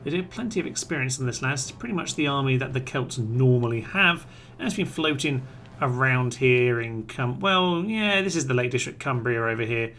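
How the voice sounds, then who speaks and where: A man talks through a strategy game in casual let's-play commentary, calling out orders to his units. His voice is bright and forceful at a middling pitch. A faint ambient hum sits under the recording. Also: expressive, fairly quick. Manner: chatty, playful, addresses troops aloud. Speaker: gaming commentator.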